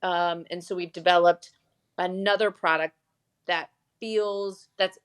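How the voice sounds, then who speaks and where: In a clean, steady, lower-pitched voice, this woman talks unhurriedly as an interview guest. She owns a glamping site in Michigan, USA, and her casual storytelling is full of restarts.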